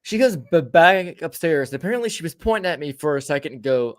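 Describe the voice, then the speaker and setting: A man's voice: on the high side, animated, fairly quick, few pauses. Male podcast host, casual storyteller, profane and rambling, lots of restarts.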